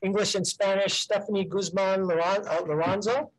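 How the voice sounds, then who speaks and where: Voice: medium pitch, steady tone, background noise. A presenter at a school board meeting, reading out student names one by one and stumbling and correcting themself over the pronunciations. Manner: halting, self-correcting, careful over name pronunciation.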